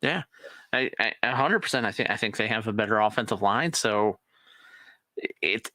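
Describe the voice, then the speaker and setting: A man co-hosting a casual live chat about football, easygoing and quick to laugh along. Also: lowish voice, animated, sharp tone, dry recording. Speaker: co-host.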